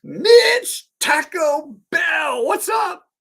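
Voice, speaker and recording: A man putting on the voice of a loud, breezy old friend in flip-flops calling out a greeting. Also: very animated, takes it slowly, full character voice. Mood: hollering. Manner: loud hollering, high and breezy. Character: laid-back surfer-type old buddy, male.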